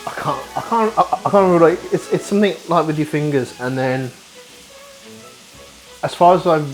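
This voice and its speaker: A young male vlogger rambles casually while cooking in his home kitchen, swearing now and then, over frying sizzle and background music. His fairly high voice moves at normal speed, and the recording is rough.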